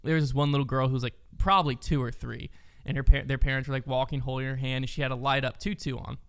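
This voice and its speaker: A man's voice: medium pitch, quick pace, clear, resonant tone. A man co-hosting a casual chat podcast, telling stories animatedly and acting out little kids' lines. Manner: animated storyteller, acts out kids' voices. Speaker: podcast co-host.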